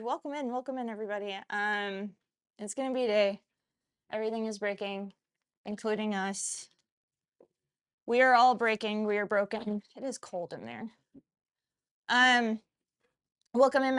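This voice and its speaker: A middle-aged woman with a hoarse voice, a chef hosting her cooking show in casual livestream chat and swearing casually. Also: mid-range voice. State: hoarse, has lost her voice.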